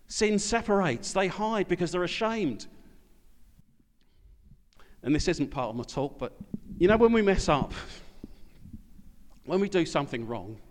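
Conversational preacher in a reverberant hall. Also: male voice, on the high side. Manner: conversational, asks the congregation questions. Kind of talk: sermon.

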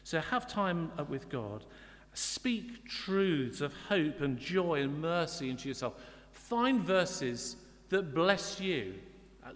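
A man's voice: fairly high pitch, a bit bright. Man preaching a sermon in a reverberant church. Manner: reflective, conversational with frequent restarts. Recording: long church hall reverb.

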